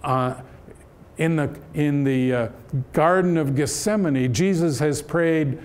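A man giving a Bible-study lecture in a church, explaining the text in a measured way with frequent "uh" fillers. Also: fairly high pitch. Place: church hall.

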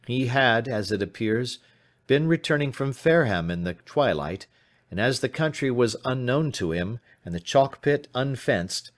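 A man reading a classic story aloud in steady, measured scripted narration. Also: lowish voice. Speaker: audiobook narrator.

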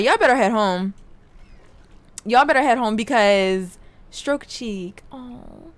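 A young woman chatting excitedly through a life-simulation game, talking to her viewers and to the characters on screen. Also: on the high side, moderate pace, no room sound. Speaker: gaming YouTuber. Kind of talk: casual let's play commentary.

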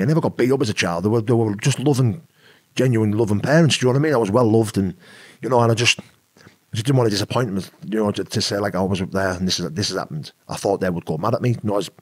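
A man's voice: lowish voice, husky, no room sound, studio quality. A British man telling a personal story as a podcast guest, rambling and casual, often saying "you know what I mean". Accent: British English. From Britain. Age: adult with an eleven-year-old son.

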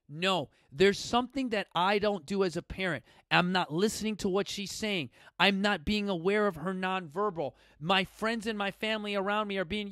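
A man in his forties with a slightly higher voice delivers a motivational story straight to the audience. His delivery is emphatic and blunt, swinging from loud bursts to quiet asides, and it is recorded close and dry with no room sound. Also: moderate pace, hardly any pauses, no echo. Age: 40s. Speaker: gym founder and podcast host. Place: coastal Southern California gym studio.

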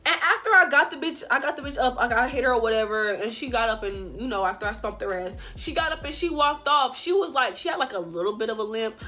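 A young woman telling a story straight to her viewers, animated and full of profanity. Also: a little high, fast talker, few pauses, soft background music. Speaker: vlogger. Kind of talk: storytime vlog.

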